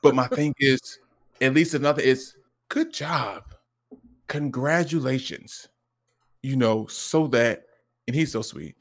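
Co-hosting a podcast, this man talks at an ordinary pace in a medium pitch during a casual conversation. His storytelling is animated yet earnest and reflective, and he performs quoted lines, such as things his son said.

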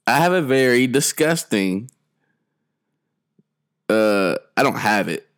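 A man's voice: mid-range voice, lively intonation, slow, fairly bright tone. A man hosting a podcast in casual chat, joking around, rambling and laughing often. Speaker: podcast host.

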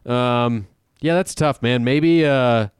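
A man co-hosting a casual sports betting podcast, animated and profane, laughing often. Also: medium pitch, slow, clean tone, no room sound, studio quality. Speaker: podcast co-host.

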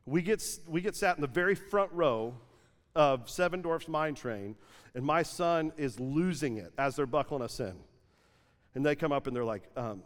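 A pastor in his thirties telling a family story in a lively sermon, peppered with "like" and acted-out quotes. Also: fairly high pitch, normal speed. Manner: lively anecdotal storytelling with frequent "like", acting out quotes. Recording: long hall reverb from a church stage.

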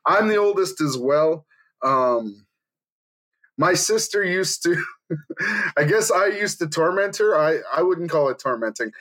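A man's voice: fairly high pitch, expressive, measured pace, long pauses, fairly bright tone. A middle-aged man hosting a casual chat, telling stories with a teasing edge and laughing often. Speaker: podcast host.

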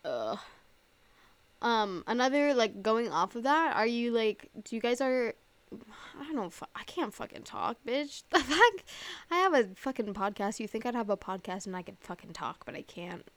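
A woman's voice: on the high side, animated, moderate pace, no room sound. A young woman hosting a casual solo podcast, rambling with lots of fillers, swearing and laughing at herself. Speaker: podcast host.

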